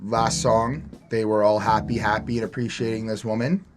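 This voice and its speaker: A man's voice: on the low side, flat delivery, moderate pace, over music. A man co-hosting a podcast, chatting loosely through an album review and reading lyrics aloud. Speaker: podcast co-host. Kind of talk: casual album review chat.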